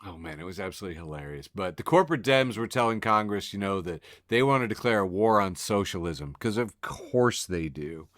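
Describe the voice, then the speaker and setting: Guy on a podcast going over memes, bright forceful voice, laughs a lot, super dry close sound. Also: deep voice, lively intonation, fairly quick, hardly any pauses, no echo. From Illinois. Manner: laughs often, reads captions in put-on voices. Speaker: podcast co-host. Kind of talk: casual chat describing memes.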